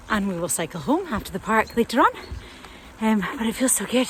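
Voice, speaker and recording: A woman's voice: on the high side, very animated, brisk, slight background noise. A woman chatting casually in a lifestyle vlog, upbeat and encouraging about jobs at home. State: out of breath. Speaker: lifestyle vlogger.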